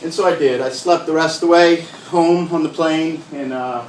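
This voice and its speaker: Older male stand-up comic, deadpan storyteller, recorded from a distance in an echoey room. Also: a little high, normal speed. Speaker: stand-up comedian. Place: comedy stage with a live audience. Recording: echoey room from far off, faint noise.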